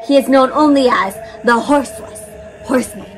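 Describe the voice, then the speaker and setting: A woman reading a picture book aloud to children, expressive and stopping often to ask them questions. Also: sits high, normal speed, over music. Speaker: children's read-aloud narrator. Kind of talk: interactive read-aloud for kids.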